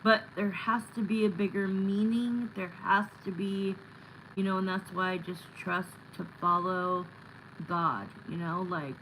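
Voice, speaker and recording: Woman, tarot livestream host, slow casual talk, chatty and rambling, faint background noise. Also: mid-range voice, fairly even intonation, a bit bright, rough recording. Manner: chatty, rambling, frequent fillers. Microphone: phone.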